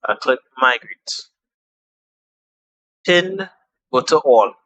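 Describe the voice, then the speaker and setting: Slow, bright-voiced casual tutorial guy. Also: medium pitch, dry recording, rough recording. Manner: relaxed, chatty, repeats himself and trails off with fillers. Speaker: tutorial host. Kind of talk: casual screen-recorded app tutorial.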